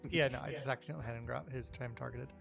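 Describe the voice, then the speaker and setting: A man's voice: mid-range voice, steady tone, racing, vocal fry, music in the background. A man playing in a tabletop game, chatting casually and correcting himself often. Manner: hesitant, self-correcting. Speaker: player.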